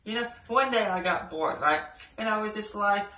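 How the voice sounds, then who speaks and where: A man's voice: sits high, normal speed, pushed and bright. Rambling young man, echoey and distant. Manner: rambling, peppered with "you know" and "right", swears a lot. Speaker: amateur stand-up comic. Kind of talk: casual stand-up routine. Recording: echoey room, voice from off-mic.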